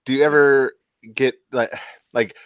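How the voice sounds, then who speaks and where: A man's voice: mid-range voice, steady tone, measured pace, fairly bright tone, clean tone, dry recording. Rambling podcast co-host, a man. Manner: rambling, filler-heavy questions. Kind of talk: casual podcast chat.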